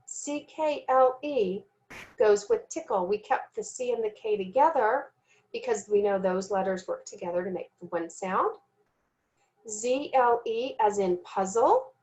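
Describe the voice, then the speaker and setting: A woman giving a recorded teaching lesson, speaking slowly and deliberately and sounding out letters and syllables, sometimes correcting herself. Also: mid-range voice, darkish tone. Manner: self-corrects with "excuse me". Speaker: teacher trainer.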